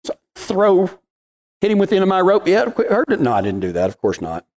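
A man's voice: sits high, sing-song, a little fast, a little mellow. A middle-aged man giving a folksy devotional talk, telling a story in cowboy slang before turning to scripture. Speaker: devotional podcast host.

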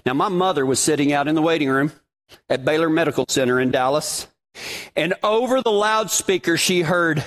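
A man preaches in a folksy, dramatic style, retelling his own story with lots of feeling. His voice sits on the higher side for a man. It sounds like a sermon delivered to a congregation. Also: moderate pace.

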